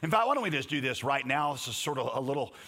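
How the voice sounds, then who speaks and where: A man's voice: medium pitch, big pitch swings, quick pace, bright, forceful tone. A man preaching a sermon as pastor, joking and conversational, then lifting his voice for the scripture he reads. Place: church sanctuary. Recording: long hall reverb from a church.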